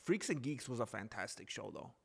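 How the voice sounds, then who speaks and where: A man's voice: mid-range voice, sing-song, fairly quick, creaky, slightly rough. A man hosting a live stream in casual chat, rambling, reading viewer names aloud and correcting himself as he goes.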